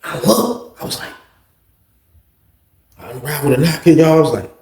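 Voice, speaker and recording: Guy doing a storytime vlog, lots of slang, kinda high voice, roomy echo. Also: moderate pace. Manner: animated, slangy storytelling, jumps high when excited. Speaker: storytime vlogger. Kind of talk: casual storytelling.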